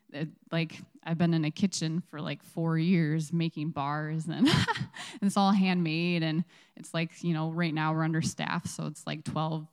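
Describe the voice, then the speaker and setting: A woman speaks to an audience about faith in a loose, chatty way, slipping into little acted-out reactions. Her voice sits low and sounds smooth and clean. A long reverb from a big hall trails each phrase. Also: a little mellow. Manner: casual, chatty, many fillers, acts out reactions. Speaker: guest speaker. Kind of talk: faith testimony talk.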